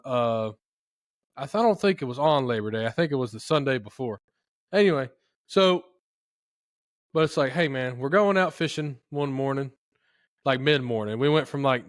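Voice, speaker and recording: A man hosting a podcast, telling a story in a rambling, folksy, animated way. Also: a little high, no room sound, studio quality. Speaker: podcast host. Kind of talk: casual storytelling chat.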